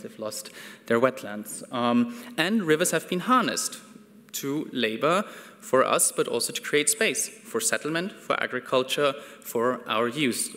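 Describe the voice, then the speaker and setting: A man giving a measured symposium talk, pausing often with ums and restarts. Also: mid-range voice, sharp tone. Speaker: conference speaker. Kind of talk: academic presentation. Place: conference hall. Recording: reverberant hall.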